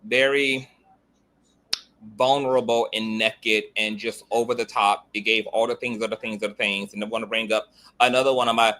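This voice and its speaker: A man's voice: fairly low pitch, steady tone, normal speed, pushed and bright. A man hosting a casual commentary livestream, sassy and flamboyant, tossing out "girl," "child" and "honey" as he talks.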